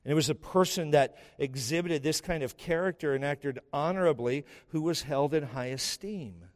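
A man's voice: fairly high pitch, moderate pace, big-room sound. A man preaching a sermon as pastor, emphatic and impassioned, firing rhetorical questions at the congregation. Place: church sanctuary.

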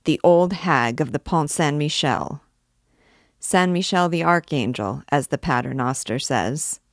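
A woman's voice: low-pitched, expressive, no room sound, studio quality. A woman voicing a brash, hot-tempered young army captain in a read-aloud novel. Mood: swaggering. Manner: swaggering and quick to anger.

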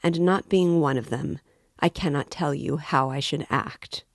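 A woman's voice: sits low, measured pace, no room sound, studio quality. A woman reading an audiobook voices a proud, wary young male student who answers curtly and with contempt. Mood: haughty guarded. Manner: haughty, curt and wary.

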